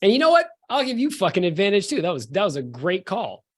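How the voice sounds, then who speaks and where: A man running a tabletop game as game master, giving brisk, joking rulings. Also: sits high, wildly swooping pitch.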